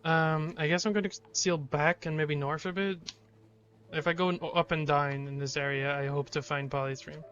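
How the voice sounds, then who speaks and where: A man's voice: fairly high pitch, steady tone, normal speed, a bit bright, highs cut off, slight background noise. A man streaming a video game live, reading its text aloud and reacting with sudden swearing.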